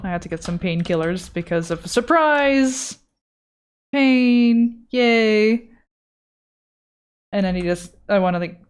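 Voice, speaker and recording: A woman's voice: medium pitch, clear, resonant tone. A young woman chats on a live art stream in a mid-range voice, rambling and poking fun at herself. She swears casually and answers chat messages as she goes. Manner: chatty, self-deprecating, swears, reads chat aloud.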